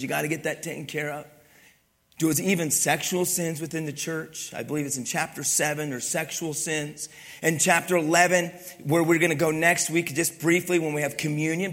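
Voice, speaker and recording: A man preaching a sermon as pastor, reading scripture with emphasis, dropping into quiet asides and light jokes. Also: fairly high pitch. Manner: animated preaching, swings from loud emphasis to quiet asides, joking.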